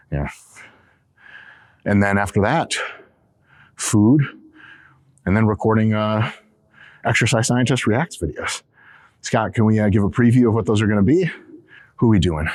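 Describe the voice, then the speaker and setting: A man's voice: fairly low pitch, normal speed, long pauses, dry recording. A man hosting a fitness vlog, chatting casually between sets in a gym, profane, joking and rambling. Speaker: fitness channel host.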